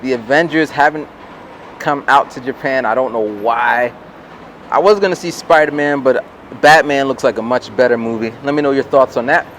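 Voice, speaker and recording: A man in his forties, a vlogger and rapper, telling rambling stories in a casual vlog and breaking into animated impressions of the people in them. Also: mid-range voice, moderate pace, slight background noise. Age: 40s.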